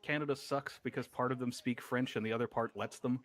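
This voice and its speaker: A man's voice: mid-range voice, steady tone, a bit bright. A man cracking jokes in a casual game voice chat. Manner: joking, quick banter. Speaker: player in voice chat. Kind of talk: casual banter. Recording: voice chat with chatter behind.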